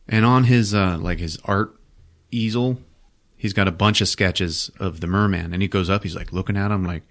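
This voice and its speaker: Podcast host: a low-voiced man with a swinging pitch, profane and laughing, doing bits of character voices. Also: lively intonation, moderate pace, a bit bright. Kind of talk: casual movie recap.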